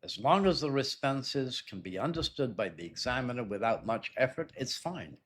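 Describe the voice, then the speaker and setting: A man teaching an exam-prep lesson in a loose, conversational way, often clearing his throat and repeating words. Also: medium pitch, big pitch swings, normal speed, fairly bright tone, slight background noise. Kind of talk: explanatory spoken lesson.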